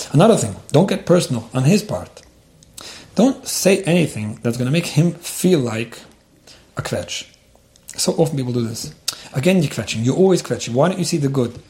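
A man talks quickly through advice on a letter, repeating himself as he goes. His voice is warm and dark, and his steady, earnest delivery is dotted with Yiddish terms. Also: medium pitch. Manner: earnest, repeats words, Yiddish-laced phrasing. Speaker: advice-giving rabbi answering a letter. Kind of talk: advice talk.

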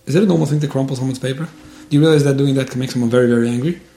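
A man gives religious advice in a casual, earnest way, repeating and restarting his words as he goes. His voice is mellow and he talks quickly. The recording carries a roomy echo. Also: medium pitch, steady tone.

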